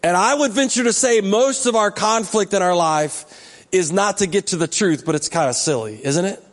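Joking pastor preaching in an echoing hall. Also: male voice, high-pitched, normal speed. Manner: conversational, joking asides to the congregation. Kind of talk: sermon. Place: church sanctuary.

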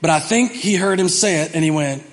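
A high-voiced male pastor preaches in a big hall with a long echo trailing his words. He acts out the story animatedly, dropping low and then shouting out loud. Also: brisk. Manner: animated, acting out the story, swinging from quiet to shouting. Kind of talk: sermon.

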